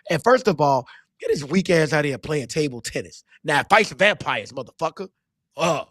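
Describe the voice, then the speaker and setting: Emphatic man ranting, higher voice. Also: big pitch swings, moderate pace, fairly bright tone, no echo. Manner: emphatic, heated ranting in slang. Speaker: podcast host. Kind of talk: casual sports and culture talk.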